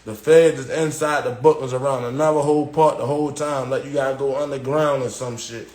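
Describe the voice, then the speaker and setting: A man casually telling a long story on a live stream, dropping "yo" and "boom" as he goes and acting out the voices of others. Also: brisk, reverberant. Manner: animated retelling, acting out quoted guards and inmates with raised pitch; slangy, repeats "yo" and "boom". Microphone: phone.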